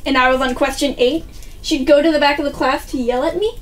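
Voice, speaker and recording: A woman's voice: high-pitched, fairly even intonation, brisk. A woman chatting through a storytime vlog, casual and swearing now and then as she acts out what people said. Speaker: vlogger. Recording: distant mic with faint music.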